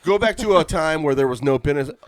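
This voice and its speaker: A man's voice: fairly high pitch, animated, fast talker. Laughing, rambling podcast host man. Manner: laughing, rambling, lots of fillers. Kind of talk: casual chat.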